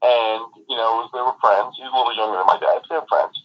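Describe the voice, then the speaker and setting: A man's voice: medium pitch, steady tone, fast, muffled recording. A man from the area, casually telling a rambling story as a podcast co-host. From Philadelphia area, USA. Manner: rambling, many ums and restarts.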